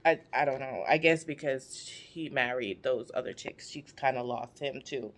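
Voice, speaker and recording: A woman's voice: a bass voice, normal speed, slight background noise. A woman vlogger chatting casually as she retells a Bible story, slangy and full of offhand asides.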